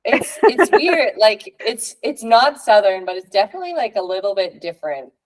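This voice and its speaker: A woman's voice: mid-range voice, big pitch swings, moderate pace, poor audio. A young adult woman from Canada hosting a podcast, chatting casually with lots of fillers and laughs. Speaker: podcast host. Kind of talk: casual chat.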